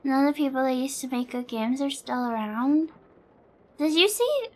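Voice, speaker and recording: A woman's voice: sits high, lively intonation, moderate pace. A young woman streamer chatting casually, rambling with lots of fillers and swearing freely. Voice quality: sleepy.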